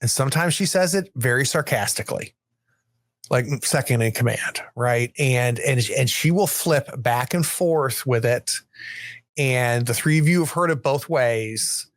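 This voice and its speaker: A man talking in character during a storytelling game, musing aloud in a wry, rambling way. His voice is mid-pitched and sits dry and close, with no room sound. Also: unhurried, no room sound. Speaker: game player.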